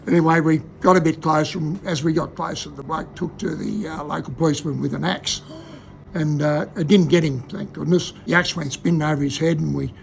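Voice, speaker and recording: Gravelly older Australian man spinning yarns. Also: on the high side, darkish tone, slight background noise. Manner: laconic, chuckling anecdotes. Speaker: local storyteller. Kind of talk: casual yarn-telling.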